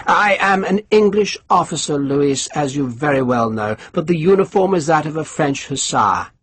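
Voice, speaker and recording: A man voicing a suave, scheming English colonel who lectures his servant in a smooth, condescending way, in an audiobook. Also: on the high side, animated, normal speed, a bit bright.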